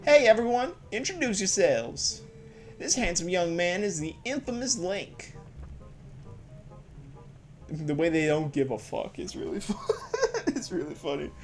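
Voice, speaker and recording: A man voicing a warm, sassy middle-aged barkeep woman who calls everyone honey, in a drawling put-on female voice. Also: on the high side, normal speed, close to an everyday voice. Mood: motherly.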